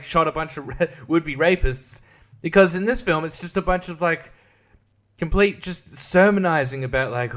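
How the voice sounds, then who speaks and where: A podcast host with a fairly high, slightly bright voice goes on a casual rant reviewing a movie. He swears freely, laughs often at his own jokes and mocks the characters with quick, sarcastic impressions.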